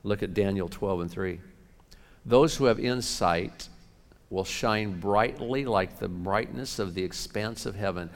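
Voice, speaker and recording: A man preaching a sermon as pastor, animated, shifting between loud outbursts and hushed asides. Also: low voice, gravelly. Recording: long reverb of a large hall.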